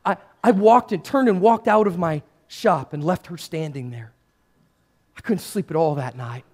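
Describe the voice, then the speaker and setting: A male pastor giving a first-person character sermon, addressing listeners directly and swinging between hushed and raised passages. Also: a little high, normal speed. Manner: speaks to listeners directly as "you" and "guys".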